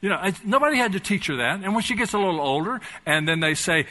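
Older man preaching a sermon, bright voice. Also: sits high, lively intonation, fast talker, hardly any pauses. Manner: preaching with rhetorical questions and wide swings in loudness. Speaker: pastor.

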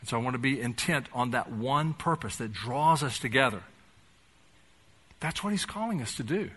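Folksy pastor, bright voice. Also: male voice, medium pitch, animated, normal speed, slightly rough. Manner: conversational preaching with folksy humor, rising to fervent emphasis. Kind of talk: sermon.

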